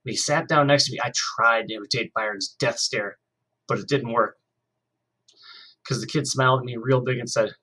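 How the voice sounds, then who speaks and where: A man, a teacher, reading a chapter book aloud with expressive narration that slows for dramatic moments. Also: mid-range voice, poor audio. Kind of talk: storybook read-aloud narration.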